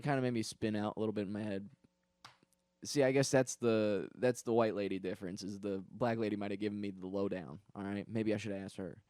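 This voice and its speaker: A young man spins a comedic story for his podcast, wandering off on tangents and circling back with plenty of "like" and "um." His voice sits a little low, and the sound is dry and close with no room around it. He swears casually and pokes fun at himself as he goes. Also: darkish tone, no echo. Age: young adult. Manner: rambling, digressive, full of fillers and restarts; profane, self-deprecating asides.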